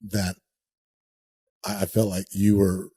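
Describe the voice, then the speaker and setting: A man in his forties, a podcast guest, talking in a relaxed, joking way with many pauses and fillers, with a husky voice. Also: low voice. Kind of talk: conversational interview.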